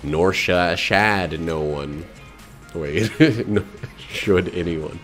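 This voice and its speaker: A man casually commenting while he streams a video game, rambling, joking and breaking into excited outbursts. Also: sits low, extremely slow, soft background music. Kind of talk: casual let's-play commentary.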